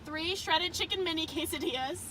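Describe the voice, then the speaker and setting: A woman's voice: very high voice, fairly quick. A young woman chatting playfully in a car, giggly and bubbly as she vlogs. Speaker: vlogger. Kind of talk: casual chat. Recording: car recording with background noise.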